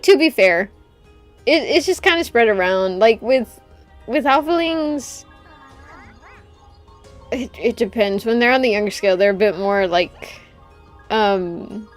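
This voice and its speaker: A woman streamer chatting casually while gaming, ranting with swearing and laughs. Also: medium pitch.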